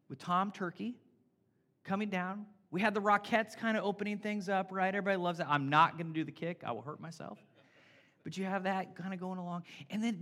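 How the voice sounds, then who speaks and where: A man preaching a casual, playful sermon as pastor, energetic and talking straight to his congregation. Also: high-pitched. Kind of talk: conversational sermon.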